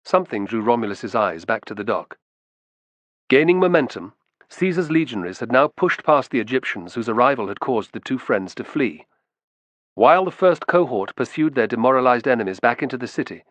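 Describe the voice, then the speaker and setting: A man narrating a historical novel in an expressive storytelling style. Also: mid-range voice, dry recording. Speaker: audiobook narrator. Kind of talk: scripted narration.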